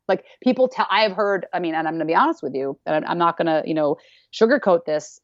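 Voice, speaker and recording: A dance teacher, a podcast guest, speaks in a casual interview with a lowish, animated voice at a quick pace. She's emphatic, repeating phrases for weight and acting out people's voices. The recording sounds dull, slightly lo-fi, and dry, with no room sound.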